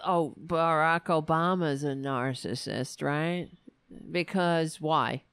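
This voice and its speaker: A woman's voice: low voice, takes it slowly, fairly bright tone, smooth, dry recording. A woman hosting a political commentary show, ranting in a sarcastic, profane, exasperated way.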